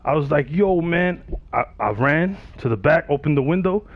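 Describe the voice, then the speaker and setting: A man's voice: on the high side, lively intonation, normal speed, vocal fry, a little hiss or hum. A man, telling a story casually on his livestream and acting out the other people's voices. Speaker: livestream gamer. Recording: dull, dry sound.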